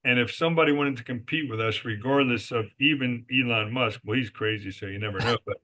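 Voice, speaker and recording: A resort company executive, appearing as a guest on a podcast interview, speaks in a medium-pitched male voice that is brisk, bright and forceful. He tells business stories with emphasis and answers his own rhetorical questions.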